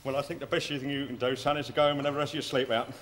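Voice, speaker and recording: An actor playing a gloating bus inspector. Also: male voice, medium pitch, little pitch movement, rapid-fire, a bit bright, slight background noise, close to an everyday voice. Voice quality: gloating, sarcastic. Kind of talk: 1970s studio sitcom acting.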